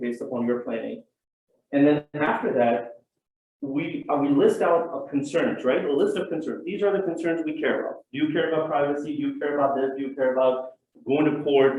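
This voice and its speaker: A man's voice: mid-range voice, a little mellow, a little hiss or hum. A man who works as an estate planning attorney, giving a conversational seminar talk and often checking in with "right?". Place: community event hall. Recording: very echoey room, far from mic, dull sound.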